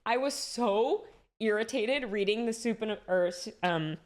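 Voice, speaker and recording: A woman's voice: fairly high pitch, measured pace. A young woman streamer chatting casually with her live chat, swearing freely and often restarting her sentences.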